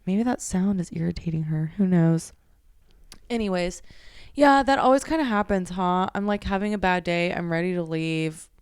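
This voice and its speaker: A woman hosting a podcast, reading aloud posts and adding chatty, animated asides of her own. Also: lowish voice, normal speed, smooth, dry recording, studio quality. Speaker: podcast host and massage therapist.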